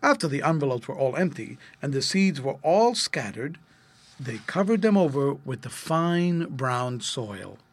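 Husky-voiced man reading a storybook. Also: medium pitch, sing-song, a little slow, no room sound. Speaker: narrator.

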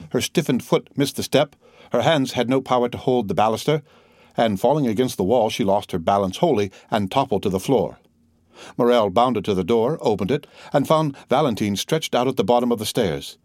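A man narrating a classic novel as an audiobook in a steady, measured way. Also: medium pitch, dry recording, clean studio sound.

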